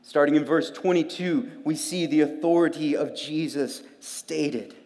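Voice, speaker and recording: A man delivers a sermon with an animated swing between hushed lines and loud, emphatic peaks. His voice sits a little high for a man. A long reverb from a large hall trails behind every phrase. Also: a little slow. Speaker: pastor.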